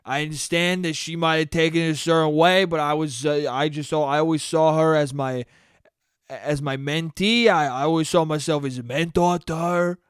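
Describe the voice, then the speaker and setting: A man's voice: on the high side, fairly even intonation, normal speed, clean tone, dry recording, clean studio sound, natural voice. Man doing a smug older politician making excuses. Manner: rambling, self-justifying, stammering.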